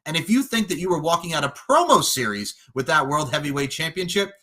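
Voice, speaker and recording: A man cutting a fantasy wrestling promo as a podcast guest, cocky and taunting, swinging between low menace and loud boasts. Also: very animated, fairly quick.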